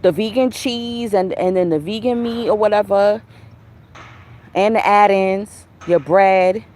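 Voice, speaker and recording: A woman talking casually to her viewers in a relaxed, laughing, slangy and profane way. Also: medium pitch, measured pace. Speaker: vlogger. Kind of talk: casual chat.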